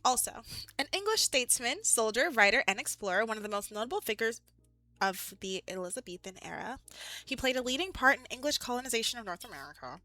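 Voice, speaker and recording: A woman's voice: a little high, big pitch swings, quick pace, bright, forceful tone, no room sound, faint music behind. A woman streaming live, chatting casually with viewers in a rambling, giggly way, full of "like".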